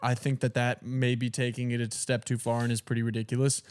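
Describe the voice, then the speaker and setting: A man's voice: mid-range voice, flat delivery, quick pace, a little mellow, clean tone, no room sound. A young man co-hosting a podcast, joking crudely and riffing with put-on quotes. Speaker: podcast co-host. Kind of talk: casual comedic chat.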